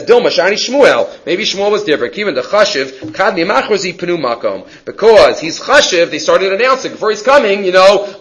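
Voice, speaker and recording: A man teaching a Talmud class, translating line by line and acting out the dialogue with lively energy. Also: high-pitched, low-quality recording. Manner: lively, acts out the story's dialogue.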